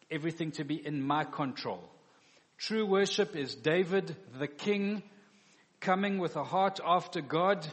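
A man preaching a sermon, animatedly acting out the quoted words of the figures in his story. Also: sits high. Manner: animated, acts out biblical dialogue. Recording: long hall reverb.

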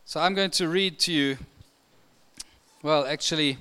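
Man preaching, high voice, clear smooth tone, expressive, emphatic. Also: a little slow. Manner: expressive, rising to emphatic when quoting scripture. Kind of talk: sermon.

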